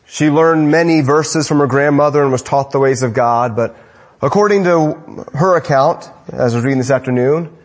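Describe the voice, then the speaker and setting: A man preaching an evening sermon, rising to emphatic lines and dropping to hushed, low endings, repeating phrases for emphasis. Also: moderate pace.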